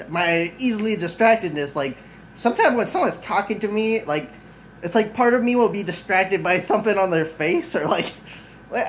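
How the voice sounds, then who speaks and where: Just awake and sitting at his desk at home, a man with a high-sitting voice rambles through a casual vlog, swearing freely, mocking himself, getting sidetracked and leaning on "like" and "you know." A camera mic off to the side gives a low-quality recording with slight background noise.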